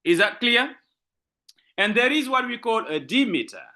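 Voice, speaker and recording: A man with a French-speaking West African accent giving an online literature lecture, repeating examples and stressing words slowly. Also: extremely high pitch, very animated, bright, forceful tone.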